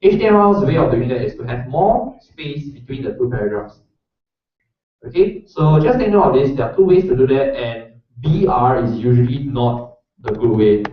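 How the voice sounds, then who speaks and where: A man's voice: mid-range voice, expressive, normal speed. A man teaches a live coding workshop, talking in a loose, chatty way and often checking that his listeners follow. His voice rings through a very echoey room and sounds far from the mic. The recording is dull and lo-fi. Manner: casual, chatty, checks in with the audience. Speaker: workshop instructor. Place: lecture room. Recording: roomy echo, distant mic, dull lo-fi sound.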